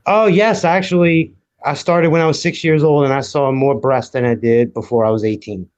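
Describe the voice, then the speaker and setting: A man's voice: on the high side, moderate pace, a little mellow, muffled recording. A man from Louisiana chatting casually as a podcast co-host, laid-back and folksy. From Louisiana, USA. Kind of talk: casual chat.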